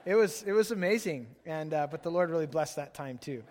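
High-voiced pastor in a reverberant hall. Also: male voice, fairly quick, slight background noise. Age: late 30s. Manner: relaxed, chatty storytelling with laughs. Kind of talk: sermon.

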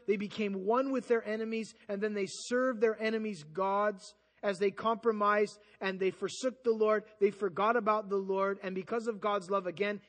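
Male pastor, high voice, lively sermon delivery, acts out voices, loud-to-soft swings. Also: long reverb tail. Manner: animated preaching, swinging between loud emphasis and soft quiet passages; acts out quoted voices and asides.

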